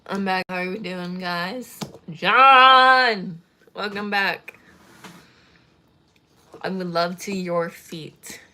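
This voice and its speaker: A woman's voice: on the low side, flat delivery, unhurried, few pauses, a little hiss or hum. A woman chatting casually on a live stream from home, cooing at her dogs in a baby voice. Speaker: streamer doing makeup. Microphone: phone. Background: dogs barking and whining.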